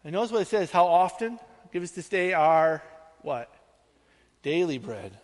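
With a high, sing-song voice, a male pastor gives an earnest, conversational sermon. He keeps checking in with a quick "right?", and each phrase trails off into a long reverb tail.

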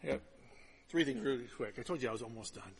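A middle-aged pastor preaching a sermon, telling stories in an animated, conversational way with quick repeated restarts. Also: male voice, mid-range voice, vocal fry, slightly rough. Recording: long hall reverb.

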